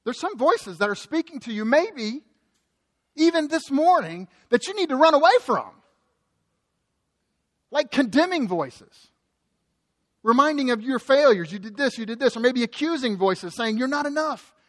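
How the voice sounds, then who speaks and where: A pastor delivers his sermon in a high, light male voice. He talks with passion, stacking repeated phrases in a steady preaching rhythm. His volume swings from strong emphasis to quiet, intense moments. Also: normal speed, pauses often. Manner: impassioned, shifting between loud emphasis and quiet intensity; repetitive preaching cadence.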